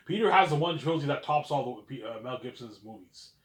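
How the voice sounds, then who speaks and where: A man's voice: mid-range voice, animated, moderate pace, fairly bright tone. A man giving a casual opinion monologue to his viewers, chatty and full of rhetorical questions. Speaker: vlogger. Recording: roomy echo.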